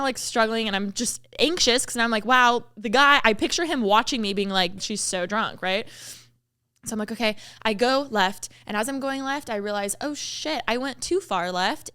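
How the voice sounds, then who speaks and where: A woman in her twenties co-hosting a podcast, telling an animated story in casual chat, acting out her own reactions, laughing often and swearing. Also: a little high, normal speed, clear, resonant tone. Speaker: podcast co-host.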